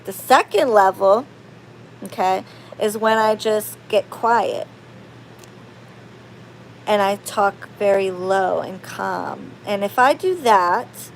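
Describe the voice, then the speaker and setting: A woman chatting casually to her viewers, rambling and expressive, going from loud outbursts to low murmurs. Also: takes it slowly, gravelly, pauses often, slight background noise. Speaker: spiritual practitioner and channel host. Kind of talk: casual chat to camera.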